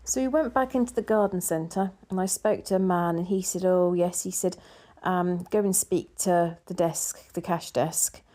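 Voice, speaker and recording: A woman's voice: lowish voice, fairly even intonation, normal speed, dark tone. A woman telling a story in a casual vlog, chatty and full of quoted dialogue. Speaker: vlogger.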